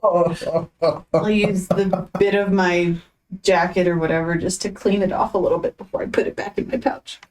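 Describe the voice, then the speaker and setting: A woman playing a tabletop game, chatty and quick to laugh. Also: on the low side, steady tone, darkish tone, distant mic. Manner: giggly and chatty. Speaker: player. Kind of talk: casual tabletop play.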